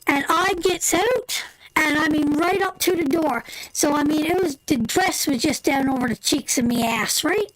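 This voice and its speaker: This is a woman with a strikingly high voice telling a story on her live stream. She talks loosely and colloquially, saying "me" instead of "my", with plenty of laughter. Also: moderate pace, poor audio. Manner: animated storyteller, breaks into laughter; colloquial, drops into "me" for "my". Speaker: tarot live-stream host. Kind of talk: casual anecdote telling.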